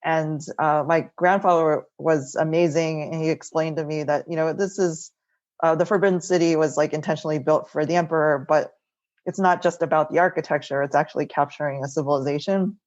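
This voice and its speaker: A middle-aged woman, an architect appearing as a guest in a casual remote interview from home, tells stories from her life. She is chatty and keeps tagging sentences with "like" and "right?". Her low, slightly mellow voice moves quickly with fairly even intonation, and the audio is dull.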